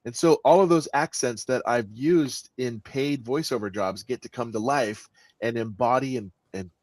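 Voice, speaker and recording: A man speaking as the guest author in an interview, with an expressive delivery that stresses words and often restarts his sentences. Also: medium pitch, normal speed, no room sound. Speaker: guest author and audiobook narrator. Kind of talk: conversational interview answers.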